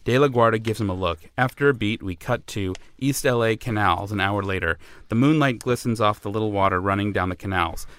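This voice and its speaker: A man's voice: lowish voice, fairly quick, clean tone. Man wryly reading his script. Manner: wry, deadpan narration with asides. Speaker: script writer and narrator. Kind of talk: reading comedic script action lines.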